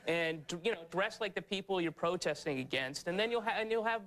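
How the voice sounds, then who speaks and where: A comedian man in his thirties chats as a talk show guest with a somewhat high voice, rambling and sardonic. He keeps sliding into mocking little impressions of other people. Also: animated, brisk, a bit bright. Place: TV studio with live audience.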